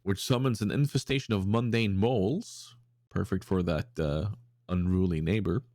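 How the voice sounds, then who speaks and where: Reading listener submissions aloud on a podcast he co-hosts, this man chats casually in a low, darkish voice at a moderate pace. Fillers, restarts and silly voices fill his rambling delivery, and the studio sound is clean with no echo.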